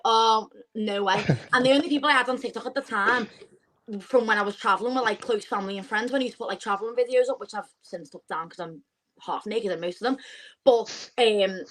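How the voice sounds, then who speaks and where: A woman, a podcast guest chatting casually and telling stories with lively quoted asides. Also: on the high side, fast talker, poor audio. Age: 20s. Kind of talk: casual chat.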